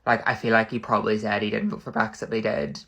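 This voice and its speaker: A man, rambling through a casual comedic monologue full of "like" and quick backtracking. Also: lowish voice, completely flat delivery, a bit bright. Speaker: content creator.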